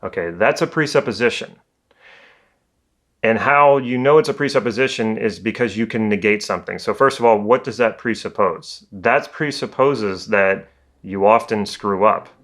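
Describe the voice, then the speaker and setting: Low-voiced man explaining calmly. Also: moderate pace. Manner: calm, explanatory, conversational. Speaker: communication coach. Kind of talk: educational talk to camera.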